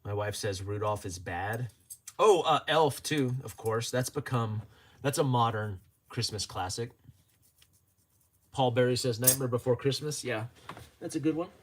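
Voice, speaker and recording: A man's voice: mid-range voice, unhurried, a little hiss or hum. Joking man hosting a livestream. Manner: chatty and joking, laughs often. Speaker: livestream host. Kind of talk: casual livestream chat, reading viewer comments.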